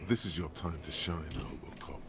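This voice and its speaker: A wry, ominous inner voice in a video game. Very deep and slow to rise, often dropping into a half-whisper. Game sound sits under it with a clear ambient hiss. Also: male voice. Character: the detective's brooding inner voice, male, wry and ominous. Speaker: game's inner-voice narrator. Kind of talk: scripted video game narration. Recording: game audio with noisy ambience.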